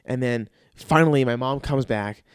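A man's voice: medium pitch, moderate pace, clean tone, dry recording, studio quality. A man hosting a podcast, telling rambling, profane stories in a casual monologue. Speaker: podcast host.

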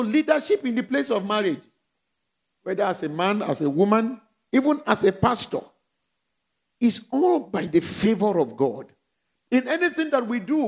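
Preaching with a Nigerian accent, a pastor uses call-and-response, posing questions the church shouts back and swinging his volume up and down. His voice sits high and is gravelly and very animated, at a moderate pace.

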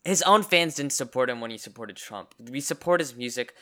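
A man's voice: medium pitch, expressive, fairly quick, a crowd in the background. A young man in casual chat as a podcast co-host, stammering and restarting his sentences often.

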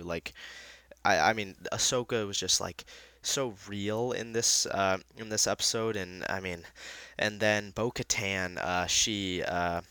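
Deep-voiced man gushing in a rambling review. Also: moderate pace, no echo. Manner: excitable and rambling, many fillers and restarts. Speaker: fan reviewing a TV episode. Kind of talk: casual spoken review.

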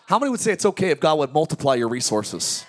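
High-voiced, animated male preacher. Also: quick pace. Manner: energetic, joking preaching with audience call-outs. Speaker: pastor. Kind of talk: sermon. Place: large tent church.

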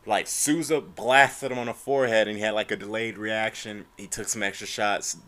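A man's voice: lowish voice, moderate pace. A young man hosting a solo podcast, ranting casually about fight news, swearing and tagging lines with bro and man. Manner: animated, profane, says bro and man constantly. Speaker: podcast host.

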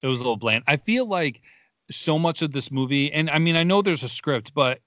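A man's voice: a little high, lively intonation, brisk, fairly bright tone, dry recording. A young man casually reviewing a movie in a rambling, laid-back way, laughing as he goes. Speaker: podcast co-host.

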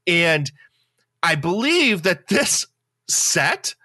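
A man's voice: sits high, sing-song, drawn-out words, sharp tone, no room sound, studio quality. A man co-hosting a podcast in casual chat, telling stories in a wry way and restarting his sentences. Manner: wry, storytelling, restarts often. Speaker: podcast co-host.

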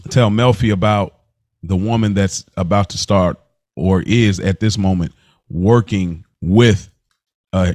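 This co-host speaks in a deep, somewhat mellow voice, casually talking through a TV episode on a podcast. He keeps it laid-back and slangy, with frequent laughter and quick restarts. The sound is dry and studio-clean.

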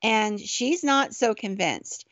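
A woman's voice: medium pitch, animated, slow pace, fairly bright tone, no room sound. A woman podcast host casually telling a ghost story in a chatty, conversational way, on a dull, dry recording.

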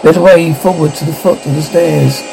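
A man narrating a story aloud in a steady reading manner, with small slips. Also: fairly high pitch, normal speed, creaky, a little hiss or hum, rough recording.

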